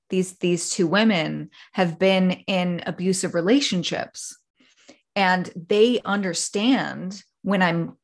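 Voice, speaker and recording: A woman hosting a solo podcast, talking casually and rambling, with many fillers and acted-out examples. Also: on the low side. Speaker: podcast host.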